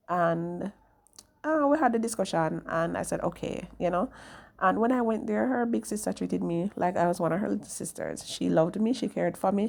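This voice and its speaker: A woman's voice: on the low side, vocal fry, darkish tone. A young woman, telling a personal story in a candid, chatty way to her viewers. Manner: candid, chatty, often tags "right?". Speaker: vlogger.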